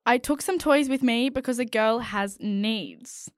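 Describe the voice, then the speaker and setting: A young woman co-hosting a podcast, reading listener stories aloud in a giggly, animated way. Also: on the high side, unhurried, dry recording, clean studio sound. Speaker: podcast co-host.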